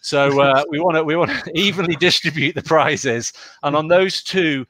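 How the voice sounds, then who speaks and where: A man's voice: a little high, moderate pace, a bit bright, dry recording. A man from Wales, the show's producer, reading viewer jokes aloud in a casual, chuckling way and tripping over names. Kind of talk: casual online show chat.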